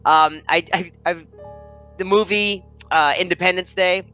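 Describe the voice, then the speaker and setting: A male author answers questions on a video call in a relaxed, friendly way. His voice is slightly high and bright, and he often laughs and fills his pauses. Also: clear, resonant tone, soft background music, low-quality recording. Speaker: author guest. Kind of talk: casual interview chat.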